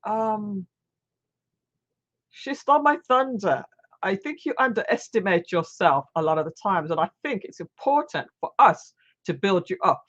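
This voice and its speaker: A woman's voice: mid-range voice, expressive, normal speed, muffled recording. A woman hosting a live online talk show, chatting casually and heaping repeated praise on a guest with plenty of restarts and fillers. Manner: warm, repetitive praise with frequent restarts and fillers. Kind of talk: casual live-stream chat.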